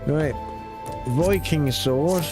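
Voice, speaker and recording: A man's voice: on the high side, drawn-out words. A man casually commentating his gameplay, joking, swearing freely and slipping into silly voices. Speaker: gameplay streamer. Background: game music.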